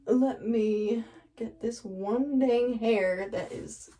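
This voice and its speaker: A woman's voice: a little high, extremely slow, dark tone, far from the mic, low-quality recording. A woman vlogger chatting nervously to the camera while she dyes her hair, laughing often. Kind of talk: casual chat to camera while dyeing hair. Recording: voice a bit off-mic.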